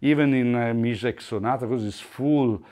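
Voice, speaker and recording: A man teaching double bass technique in a masterclass, explaining in a halting way with frequent restarts. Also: darkish tone. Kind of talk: instrument masterclass demonstration. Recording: faint bowed string music behind.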